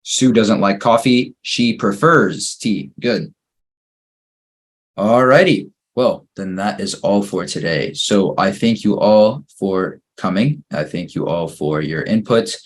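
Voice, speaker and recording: A man leads an English grammar class, working through the sentences one by one. His voice sits low and sounds a little husky. He keeps a calm, patient teaching manner. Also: takes it slowly. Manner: patient, steady drilling through exercises, praising each answer. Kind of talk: online grammar lesson.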